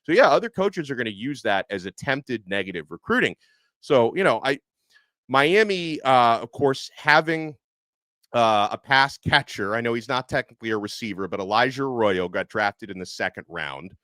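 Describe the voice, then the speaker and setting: A man's voice: mid-range voice, lively intonation, moderate pace, bright, forceful tone, no room sound. A man hosting a sports podcast, chatting through listener questions in a conversational, loose manner. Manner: conversational, many fillers and restarts. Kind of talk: casual sports commentary and listener Q&A.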